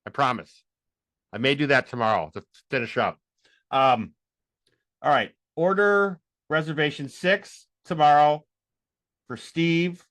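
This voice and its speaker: Guy teaching a class, super excited, rambles and thinks out loud, dry close mic. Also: on the high side, measured pace, long pauses, no room sound. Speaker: instructor. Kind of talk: live software tutorial.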